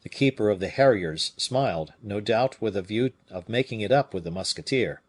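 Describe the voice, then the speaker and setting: With a voice on the low side, a man narrates a classic novel for an audiobook, keeping his delivery even and measured.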